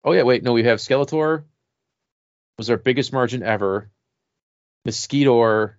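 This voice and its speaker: A man's voice: mid-range voice, moderate pace, dry recording, lo-fi sound. A man hosting a casual comedy podcast, loose and profane, laughing often. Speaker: podcast host.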